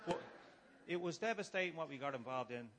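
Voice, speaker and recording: A middle-aged Irish man giving a humorous personal testimony to a gathering, shifting between quiet musing and loud, acted-out shouting. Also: on the high side, lively intonation, a little fast. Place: room before a live gathering.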